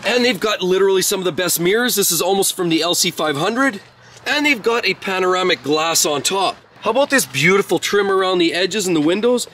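A man's voice: sits high, expressive, brisk, fairly bright tone, a little hiss or hum. A man doing an enthusiastic walkaround of cars, praising each detail. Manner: effusive, praising every detail. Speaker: car reviewer. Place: outdoors beside parked cars.

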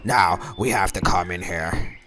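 A man giving casual let's-play commentary as a gaming YouTuber, slangy and quick to laugh. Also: low voice. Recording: game music playing behind the voice.

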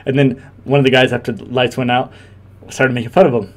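A man's voice: medium pitch, little pitch movement, quick pace. A young man and former Marine giving casual reaction commentary, laughing often and rambling with many restarts.

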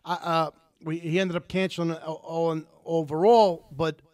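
A high-voiced man co-hosts a radio show from a dry studio. He talks haltingly and fills his speech with many pauses and "uh"s. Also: flat delivery, a little mellow, dry recording. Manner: halting, filler-heavy. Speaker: radio co-host. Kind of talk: casual radio chat.

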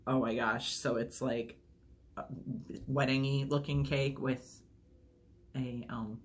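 A woman's voice: very deep voice, steady tone, slow. A woman chatting casually through an unboxing video, rambling and gushing over each item. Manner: enthusiastic, gushing. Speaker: unboxing vlogger.

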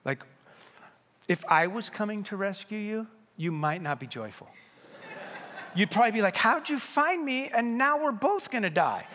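A long church reverb carries the slightly high voice of a middle-aged male pastor preaching at a candlelight service in the sanctuary. He keeps it conversational and lively, with playful asides and quotes he acts out.

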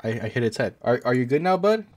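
A man's voice: mid-range voice, sing-song, quick pace, very noisy. A man commentating a horror game as a gaming YouTuber, reacting jumpily with repeated exclamations. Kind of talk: let's play commentary. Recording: game music playing behind the voice.

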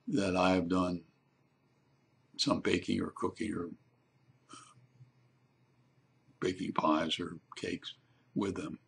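Older male storyteller, gravelly and breathy, easygoing with plenty of ums. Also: sits low, fairly bright tone. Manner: unhurried, with frequent ums and restarts. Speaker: grandfather telling a family story. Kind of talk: casual spoken storytelling.

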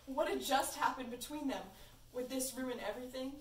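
A woman's voice: sits high, steady tone, normal speed, far from the mic. Young woman reading fan fiction aloud. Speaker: reader. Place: room at a birthday party. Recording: echoey room from afar, faint noise.

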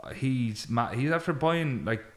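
A man's voice: mid-range voice, unhurried. A young Irish man, a rugby player guest, giving short dry answers in casual chat at home. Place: his home, indoors. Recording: echoey room, faint noise.

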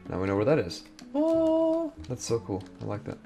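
A sleepy young man talks through his gameplay in a casual, rambling way, often muttering half to himself. His voice sits a little low and carries a gravelly fry, with soft music faint underneath. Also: fast talker. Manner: muttering to himself while sorting and exploring. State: sleepy, yawning. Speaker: gameplay commentator. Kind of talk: casual let's-play commentary.

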